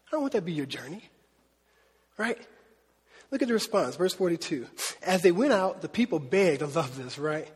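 A man with a high, slightly husky voice preaches in a relaxed, conversational way, slipping into quoted voices and laughing as he goes. His voice carries the long reverb of a large hall. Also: normal speed, pauses often. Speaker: pastor. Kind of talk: sermon.

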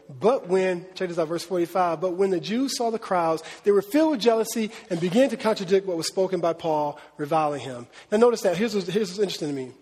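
High-pitched guy preaching, husky voice, loose and chatty, acts out the people he talks about. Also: long reverb tail. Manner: animated, conversational preaching with laughs and acted-out quotes. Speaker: pastor. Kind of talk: sermon.

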